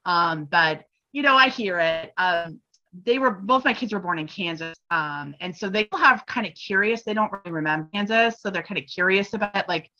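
A woman's voice: mid-range voice, expressive, moderate pace, sharp tone. A middle-aged woman from Wyoming, a professor and guest, chatting casually with lots of fillers and "you know". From Wyoming, USA. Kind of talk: casual conversation. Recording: dull lo-fi sound.

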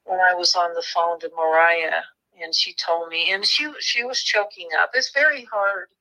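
Woman author, bright and forceful tone, earnest conversational storyteller. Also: lowish voice, normal speed, rough recording. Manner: earnest storytelling, moved at times. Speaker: true crime author. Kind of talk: interview conversation.

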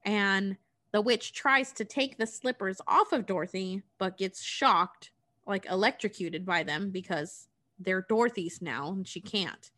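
A woman chats her way through a story recap, loose and profane. Her voice is bright and crisp. She pads her sentences with casual fillers. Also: medium pitch, a little slow. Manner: chatty, profane, filler-heavy.

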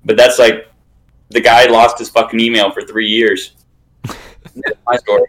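A man's voice: on the low side, level tone, measured pace, fairly bright tone, low-quality recording. A man in casual chat, telling rambling stories and swearing often. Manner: swears a lot, loose rambling storytelling.

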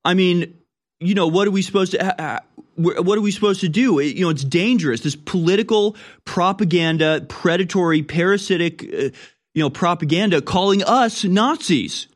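A man's voice: high-pitched, moderate pace, pitched above the performer's own voice. A man voicing a self-pitying, whining mock Nazi officer in a sarcastic skit.

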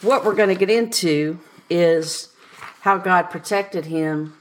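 A woman's voice: fairly low pitch, slow. A woman co-hosting a podcast, reading scripture aloud and then talking it over in casual chat. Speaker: podcast co-host. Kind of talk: casual Bible study chat.

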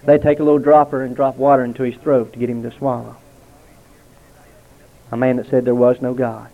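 A man giving a heartfelt spoken testimony to a gathering at a restaurant, telling stories with dramatic pauses. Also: mid-range voice, little pitch movement, creaky. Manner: earnest, storytelling with dramatic pauses. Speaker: lay speaker giving testimony. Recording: tinny, narrow-band lo-fi recording.

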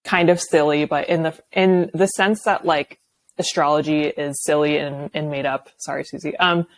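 A young woman with a notably low-pitched voice chats casually as a podcast guest. She laughs often and fills her sentences with loose fillers. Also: steady tone, moderate pace. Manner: chatty, laughs often, many filler likes. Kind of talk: casual chat.

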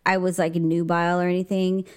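A young woman chatting casually as a podcast co-host, chiming in with quick, teasing remarks. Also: on the low side, level tone, smooth. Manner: quick teasing interjections, playful. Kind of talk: casual chat.

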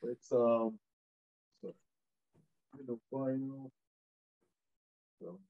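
A man's voice: mid-range voice, drawn-out words, dry recording. Hesitant man on a dull dry line. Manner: hesitant, filler-heavy, laid-back. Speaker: guest wrestler. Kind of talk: casual interview chat.

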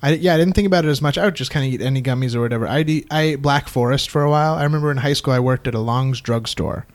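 A man's voice: mid-range voice, racing. A man co-hosting a podcast in casual, playful chat. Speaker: podcast co-host.

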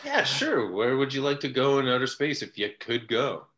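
A man playing a bright, profane, bossy brute. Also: mid-range voice, sing-song, normal speed. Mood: smarmy. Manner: blunt, profane, commanding. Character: crude, domineering man, bossy and lecherous.

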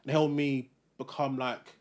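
A young man, co-hosting a podcast and musing in a relaxed, rambling way. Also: medium pitch, unhurried. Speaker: podcast co-host. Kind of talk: casual chat.

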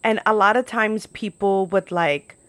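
A woman's voice: medium pitch, steady tone, unhurried, a bit bright, no echo. A young woman from New York telling stories in a casual, chatty monologue, full of "like" and casual swearing. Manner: chatty, peppered with "like", swears freely.

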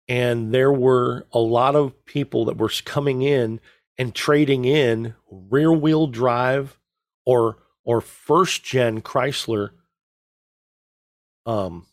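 A middle-aged man chats as a podcast co-host, drifting through long anecdotes and slipping deadpan jokes in. His voice sits at a middle pitch. The sound is dry and close to the mic. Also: no room sound. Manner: rambling storyteller, joking deadpan. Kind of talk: casual chat.

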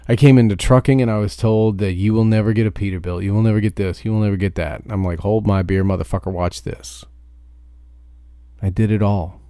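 A truck driver giving a profane, ranting podcast monologue. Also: male voice, lowish voice, steady tone, quick pace, few pauses, warm tone, clean tone, dry recording, clean studio sound.

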